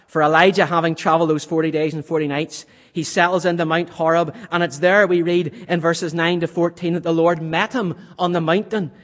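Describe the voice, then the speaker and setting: A man delivers a sermon from the pulpit in a fairly high voice. He builds to loud, vivid passages and then sinks to hushed, near-whispered questions. The sound carries a long reverb from the church around him. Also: level tone, fairly quick, few pauses. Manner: dramatic swings from loud to hushed. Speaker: preacher.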